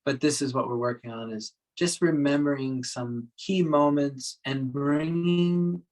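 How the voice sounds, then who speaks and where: Male meditation teacher giving a dharma talk; soft, reflective, unhurried warmth of tone, mid-pitched. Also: fairly even intonation, low-quality recording. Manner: gentle and reflective, with soft laughs. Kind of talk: dharma talk to a workshop group.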